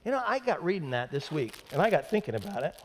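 A man's voice: a little high, very animated, fast, slight background noise. A male pastor giving a sermon, emphatic and conversational with dry humor. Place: church sanctuary. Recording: long hall reverb in a church.

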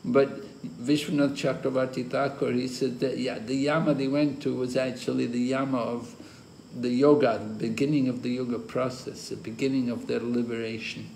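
A man, a spiritual teacher, giving a scripture class lecture and explaining terms step by step in a slow, deliberate way, with an occasional chuckle. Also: medium pitch, level tone, creaky, darkish tone. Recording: roomy echo with faint ambient noise.

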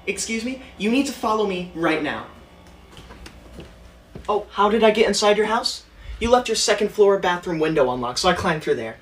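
A man's high, expressive voice brings to life a bossy, preachy schoolkid in a comedy sketch, the kind of teacher's pet who whines, lectures others, and is quick to threaten to tell on them. Slight background noise is present.

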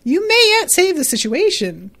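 A woman reading aloud as a dry, amused older male officer who hands out wry, unhurried advice. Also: very high voice, sing-song, fairly bright tone, pitched above the performer's own voice, exaggerated voice.

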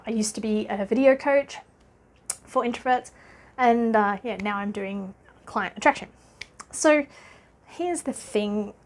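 Speaking in a somewhat high voice with an Australian accent, a business coach from Australia chats cheerfully in a talking-head vlog. Frequent laughter and "uh" fillers keep it informal.

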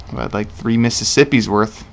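A man's voice: mid-range voice, vocal fry. A young man commenting casually on his gameplay, joking, laughing and swearing. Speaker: let's play commentator.

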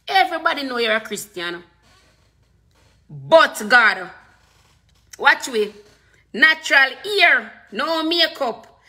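Lady preaching hard, bright sharp voice, keeps repeating herself, breaks into tongues. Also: sits high. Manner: fervent, repetitive preaching with bursts of speaking in tongues. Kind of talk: sermon.

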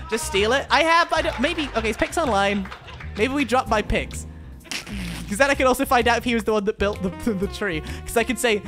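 A young man chatting while streaming a game, excitable and theatrical, with mock outrage. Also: very high-pitched, fast talker. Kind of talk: casual gaming stream chat. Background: game music.

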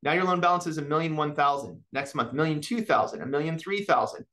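Pitching high and talking fast, a man delivers a lively mortgage market presentation to real estate agents. He often ends his points with "right?" and acts out conversations with clients. It sounds like an office meeting or an online session with a chat.

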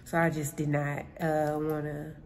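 Chatty woman vlogger, slightly low voice. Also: little pitch movement, a little slow, darkish tone, slight background noise. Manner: chatty, addresses viewers as y'all, laughs often. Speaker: vlogger and building concierge. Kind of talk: casual storytelling vlog. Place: indoors at her workplace.

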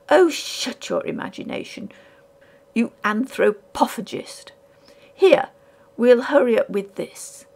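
A furtive, wheedling male collector, put on by a woman reading a ghost story aloud. He talks high and hushed, insinuating every word, with a gravelly edge and a lively, swooping pitch. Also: full character voice.

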